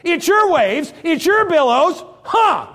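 A preacher acting out a defiant prophet who loudly blames someone else for his troubles. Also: extremely high pitch, big pitch swings, slow pace, pitched above the performer's own voice, full character voice. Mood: indignant. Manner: indignant, blaming, insistent. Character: defiant, complaining male prophet. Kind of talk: sermon storytelling.

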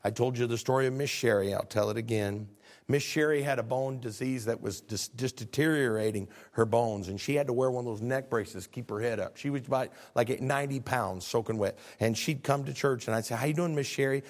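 Gravelly storytelling preacher man. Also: medium pitch, fairly quick. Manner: storytelling preacher, rising to fervent peaks. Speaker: pastor. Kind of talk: sermon.

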